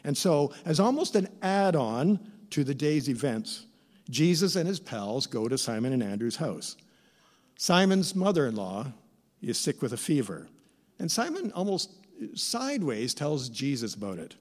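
A middle-aged man preaching a sermon as pastor, with expressive, theatrical emphasis. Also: a little high, unhurried. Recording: reverberant church hall.

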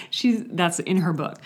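A woman telling a story in a conversational faith reflection, animated, with hushed passages. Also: on the low side. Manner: storytelling, animated, drops to a hushed voice for quiet moments.

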